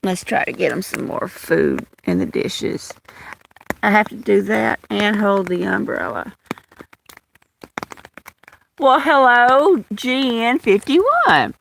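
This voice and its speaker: A woman's voice: medium pitch, big pitch swings, slow, vocal fry, pauses often, a little hiss or hum, rough recording. A woman from Louisiana with a Southern accent, chatting casually on a livestream, greeting viewers by name while holding her phone under an umbrella outdoors in the rain. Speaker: livestream host. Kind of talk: casual live chat with viewers. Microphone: phone held in hand.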